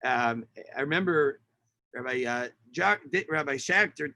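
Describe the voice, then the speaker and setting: This rabbi's voice is medium-pitched and sharp in tone, with lively intonation and a slightly slow pace. On a video call from home, using the call's mic, he teaches the Tisha B'Av kinot online, reading Hebrew lines, explaining and translating them, and using many fillers.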